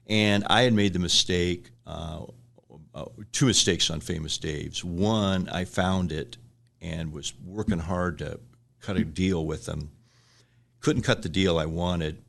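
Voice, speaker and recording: A man's voice: deep voice, normal speed, gravelly, a bit bright. A middle-aged man, telling rambling business stories in a casual interview, acting out quotes with chuckles. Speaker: restaurant franchise owner, guest.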